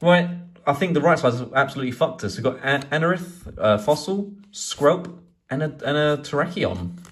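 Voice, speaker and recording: A man chatting casually as he opens card packs, swearing and rambling excitedly. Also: on the high side, normal speed. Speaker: card collecting YouTuber. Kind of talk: casual pack-opening vlog.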